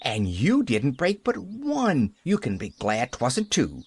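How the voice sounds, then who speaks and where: A man's voice: mid-range voice, huge pitch swings, slow pace, slightly rough, heavily acted. A man reading an audiobook, voicing a cheerful, chattering eleven-year-old orphan girl who rambles eagerly. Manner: eager, rambling, breathless reasoning. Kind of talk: audiobook character voice.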